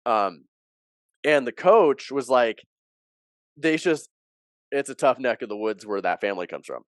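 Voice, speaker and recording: A man with a smooth, resonant voice tells a story as a guest in an interview. He is an athletic director and talks in an animated way, playing out what others said. The sound is dry and close. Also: medium pitch, unhurried, dry recording. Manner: animated storyteller who acts out quoted dialogue.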